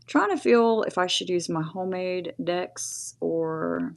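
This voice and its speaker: A woman in her forties talks through a live tarot reading in a relaxed, chatty way. Her voice sits a little low, and she laughs often and pauses to thank her viewers. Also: vocal fry. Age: 40s. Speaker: tarot reader.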